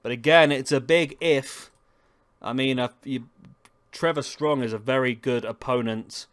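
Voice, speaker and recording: A gaming streamer in his thirties plays a wrestling game live, chatting casually with viewers in chat. His mid-range voice is a bit bright, and he speaks a little slowly.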